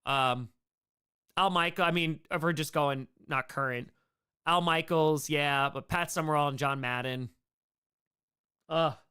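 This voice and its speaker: Fast-talking New York guy. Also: on the high side, smooth. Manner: fast, animated, playful, reads chat aloud. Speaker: streamer answering viewer questions. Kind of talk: casual live Q&A chat.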